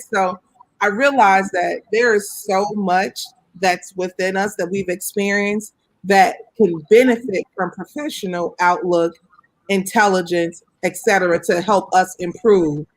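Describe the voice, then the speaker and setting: A woman on a panel who tells animated stories on a video call, laughing often. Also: mid-range voice, a little slow. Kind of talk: panel discussion.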